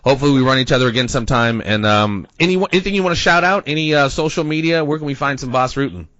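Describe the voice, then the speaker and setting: A male podcast host with an effusive, slangy way of talking, full of thanks and casual praise. His voice sits at an ordinary pitch. The sound is dry and close, but a little dull and lo-fi. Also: fast, a bit bright, no room sound. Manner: effusive and slangy, calls people dude and brother.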